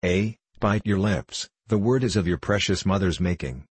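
A man's voice: low-pitched, moderate pace, husky, no room sound. A man voicing a furious, proud old knight who speaks harshly and with scorn. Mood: bitter fury.

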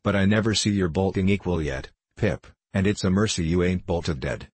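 Guy doing a slow kindly blacksmith, deep voice, dry sound. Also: husky, dry recording. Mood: solemn. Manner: slow, solemn, confidential. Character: kindly simple village blacksmith, man.

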